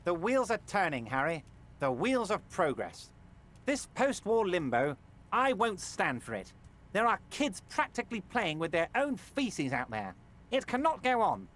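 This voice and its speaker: An actor playing a jovial, scheming, heavyset male union boss in a video game, speaking in a booming, self-assured, sweeping way. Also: fairly bright tone, slight background noise, full character voice. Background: game music.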